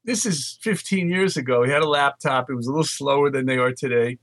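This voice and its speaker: An older man from the Bronx, telling animated stories as an interview guest. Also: medium pitch, fast, no echo. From New York, Bronx. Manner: animated anecdotes with quoted dialogue. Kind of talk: storytelling interview.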